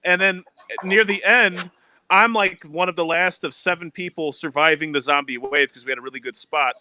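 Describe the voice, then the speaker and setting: A man co-hosting a casual gaming chat, telling animated stories and mimicking yelling kids. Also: fairly high pitch, moderate pace, no room sound. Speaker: co-host.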